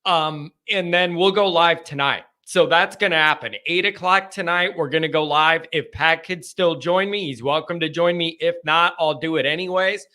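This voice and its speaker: A man hosts a live call-in stream in a loose, easygoing chat. He wanders from point to point with quick laughs and restarts. His voice sits a little high and sounds very bright and forward. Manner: rambling and chatty, with small laughs and restarts. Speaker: host of a fan call-in show.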